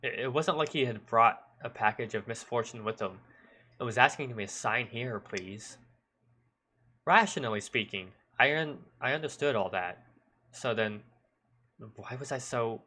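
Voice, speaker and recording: A man with a bright, sharp timbre reads a story aloud in measured first-person narration. He now and then stumbles and corrects himself. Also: mid-range voice, animated. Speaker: streamer. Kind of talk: reading a visual novel aloud.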